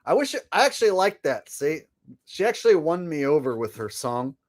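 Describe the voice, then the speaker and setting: A woman's voice: sits low, sing-song, a little fast, darkish tone. A woman commenting on video clips in a sarcastic, profane way.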